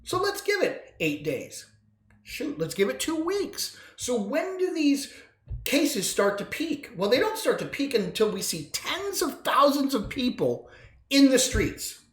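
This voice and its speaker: A man's voice: very high voice, huge pitch swings, unhurried, fairly bright tone, roomy sound. A man hosting a solo political commentary podcast, combative and sarcastic, with sudden emphatic bursts. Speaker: podcast host.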